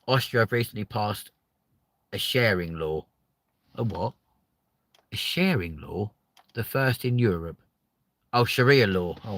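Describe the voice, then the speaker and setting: A man's voice: medium pitch, no room sound. A man hosting a comedic chat show, ranting and swearing constantly as he reacts to viewer comments. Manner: loud exasperated outbursts. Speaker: host.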